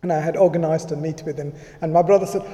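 A man's voice: fairly high pitch, fairly even intonation, quick pace, mellow. A male pastor giving a sermon in a conversational way, often acting out what people said. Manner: conversational preaching, acting out quoted speech. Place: church. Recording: reverberant church hall.

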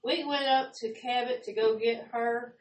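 A woman tells animated, laughing stories in a loose, casual chat. Her voice sits a little high and comes from some distance off the mic. The room around her is echoey, with a faint hiss underneath. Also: measured pace. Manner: animated, laughing storyteller, drawling.

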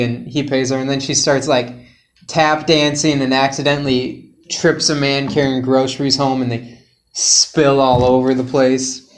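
A man's voice: medium pitch, level tone, normal speed. A man co-hosting a podcast, casually retelling a silly plot and laughing through his own jokes. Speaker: podcast co-host.

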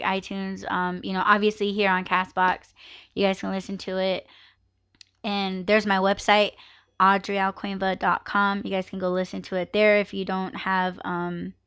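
A woman's voice: medium pitch, bright, forceful tone, clear, resonant tone. A woman hosting her own live podcast, chatting casually and ranting with plenty of swearing and laughter. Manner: ranting, profane, laughs often. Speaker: podcast host.

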